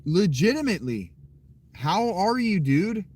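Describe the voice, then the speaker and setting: Middle-aged man, fairly high voice, excitable, cursing, casual stream chat. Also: unhurried, husky. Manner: excitable, swears freely.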